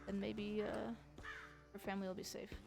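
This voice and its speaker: A woman's voice: medium pitch, level tone, normal speed, vocal fry, over music. A woman streamer chatting casually with her viewers about her role-play character, swearing freely. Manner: chatty, swears, talks to chat.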